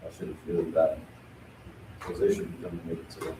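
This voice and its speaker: A man's voice: a bass voice, monotone, quick pace. A young man chatting casually at his workplace, telling a story in slangy, profane talk. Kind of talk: casual chat. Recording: echoey, far-off mic, background noise.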